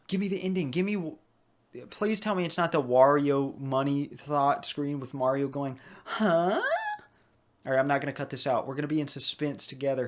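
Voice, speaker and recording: A young man giving casual, rambling commentary over a video game he is playing, drifting into chatty asides. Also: medium pitch. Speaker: let's play commentator.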